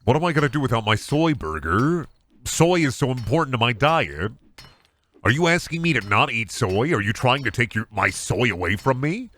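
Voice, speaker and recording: A man's voice: mid-range voice, sing-song, moderate pace, fairly bright tone. A man streaming a game, chatting casually and ranting in a joking way with a lot of swearing. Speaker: gaming streamer. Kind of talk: casual live-stream chat.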